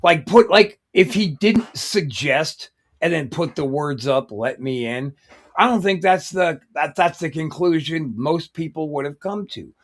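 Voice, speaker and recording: A man's voice: on the high side, a little slow. A man co-hosting a casual chat in a blunt, profane, skeptical way. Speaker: podcast co-host.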